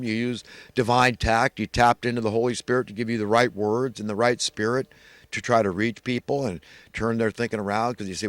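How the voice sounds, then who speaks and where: A man's voice: medium pitch, no echo. A middle-aged American man giving an earnest, rambling moral monologue, repeating himself and restarting his phrases. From United States. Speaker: vlogger.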